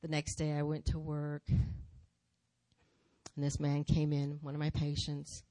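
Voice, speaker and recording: A woman speaking in church, telling her testimony as a lively story with repeated phrases. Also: low-pitched, measured pace, no room sound. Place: church sanctuary.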